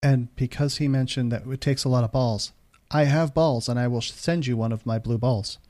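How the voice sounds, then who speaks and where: A man's voice: medium pitch, fairly even intonation, moderate pace, a little mellow. Easygoing joking male podcast host. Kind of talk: casual podcast chat.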